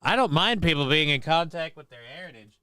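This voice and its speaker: A man's voice: on the high side, animated, brisk, bright, forceful tone, smooth, dry recording. A man hosting a casual live-stream talk show, rambling and sardonic with many fillers and restarts, on a close mic.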